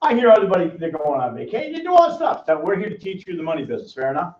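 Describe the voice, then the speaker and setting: A man's voice: high-pitched, wildly swooping pitch, rapid-fire, a little mellow. An older man teaching a live money seminar, quizzing audience members by name with a teasing manner. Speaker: financial educator. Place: seminar room with small audience. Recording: roomy, distant, dull lo-fi sound.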